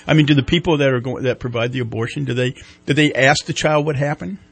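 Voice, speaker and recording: A man hosting a talk show, asking questions haltingly, with frequent restarts and wry asides. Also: mid-range voice, gravelly, slightly rough. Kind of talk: radio talk interview.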